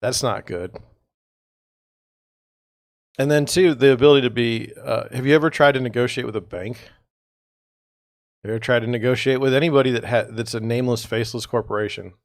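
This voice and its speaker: A man's voice: medium pitch, normal speed, pauses often, dry recording, studio quality. A man hosting a real estate livestream, talking in a rambling, exasperated way with sarcastic asides, sounding tired. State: tired, yawning. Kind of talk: casual livestream monologue.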